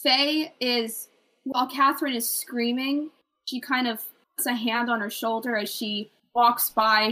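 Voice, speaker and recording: A woman describes her character's careful movements in an even, descriptive way. Her voice is bright and stays flat in pitch. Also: rough recording. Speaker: player. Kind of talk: narrating her character's actions.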